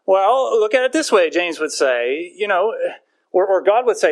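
A man's voice: high-pitched, expressive, normal speed. A man in his thirties, a pastor preaching a sermon in a conversational, storytelling way with self-mocking humor.

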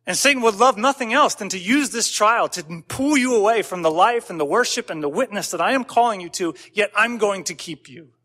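A man's voice: high-pitched, animated, brisk, few pauses, bright, forceful tone. A man pastor giving a conversational sermon, telling stories with casual asides and building to emphatic points.

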